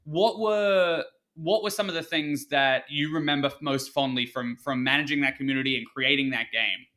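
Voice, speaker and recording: A man's voice: fairly high pitch, moderate pace, sharp tone. A man hosting a podcast, asking questions eagerly and reacting with enthusiasm. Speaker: podcast host. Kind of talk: casual podcast interview.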